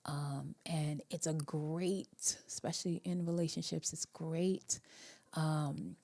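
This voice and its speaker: A woman hosting a live relationship-coaching show, talking in a reflective, meandering way with many fillers and a soft, half-whispered delivery at times. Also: low-pitched, steady tone, takes it slowly. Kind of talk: casual live-stream talk.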